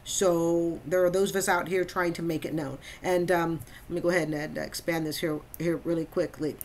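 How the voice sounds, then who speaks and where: A woman's voice: fairly low pitch, steady tone, normal speed, a little hiss or hum. A woman hosting a reaction commentary, emphatic and repeating phrases for stress. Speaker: host.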